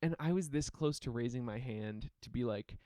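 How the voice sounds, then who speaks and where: Animated storytelling man, dry sound. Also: moderate pace, no room sound. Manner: animated, laughing, acts out quotes with big pitch jumps. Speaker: podcast co-host. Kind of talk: casual chat, storytelling.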